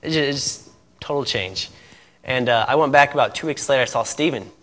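Bright-voiced preacher in an echoey hall. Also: male voice, mid-range voice, brisk. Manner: lively, laughing often, quoting others in dialogue. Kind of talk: storytelling testimony to a congregation.

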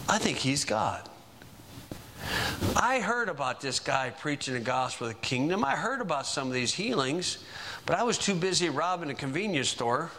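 A male preacher delivers a sermon in a folksy, chatty manner. His voice sits a little high and rings bright and forceful. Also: a little hiss or hum. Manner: folksy, conversational preaching with asides.

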